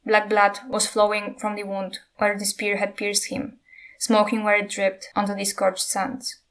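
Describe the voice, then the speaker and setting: Reading a fantasy novel aloud, a woman narrator keeps an unhurried, steady pace. Her pitch stays in the middle range with little movement, giving a flat, even telling, and there is vocal fry.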